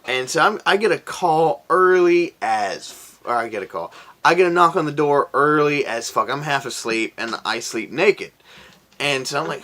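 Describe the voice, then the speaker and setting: A man's voice: on the high side, expressive, normal speed, bright, forceful tone. A young man from Florida telling a story to camera in a casual, profane, laid-back way, often raising his voice to quote himself. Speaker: vlogger.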